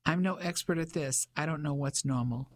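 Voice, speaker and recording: A narrator voicing a calm, practical British woman who speaks steadily in an audiobook. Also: medium pitch, normal speed, a little hiss or hum, close to an everyday voice. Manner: steady and reassuring.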